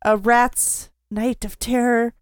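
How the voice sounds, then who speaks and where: A woman's voice: fairly high pitch, level tone, slow pace, clear, resonant tone, dry recording, studio quality. A woman co-hosting a podcast, reading out movie credits in casual chat and giggling now and then. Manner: reads film facts, giggles. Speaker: podcast co-host.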